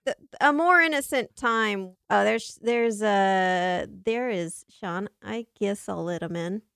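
A woman's voice: mid-range voice, takes it slowly, vocal fry, a bit bright, clear, resonant tone, dry recording, clean studio sound. A woman hosting a podcast, joking playfully in casual comedic chat. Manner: playful, jokey. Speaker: podcast host.

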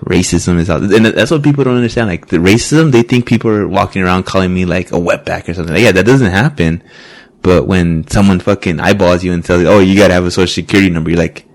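Very deep-voiced man chatting. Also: fast, hardly any pauses, dry recording. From United States. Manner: rambling, profane, repeats words. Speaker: podcast guest. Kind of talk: casual chat.

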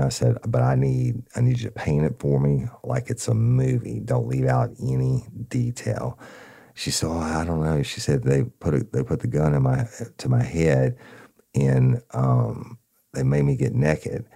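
A middle-aged man recounting a case as a true-crime podcast host. His voice sits extremely low and is heavily gravelly, while his pitch swings a lot from phrase to phrase. The tone is dark, and his delivery is folksy and direct. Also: very animated, a little slow. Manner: folksy, addresses listeners directly. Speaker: podcast host and former detective.

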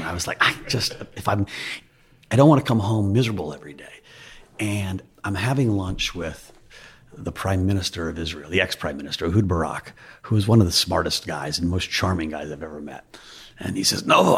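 Man, deep voice, very husky, candid interview guest, loose anecdotal storytelling. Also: a bit bright. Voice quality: raspy. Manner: loose, anecdotal, self-deprecating. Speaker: investor guest.

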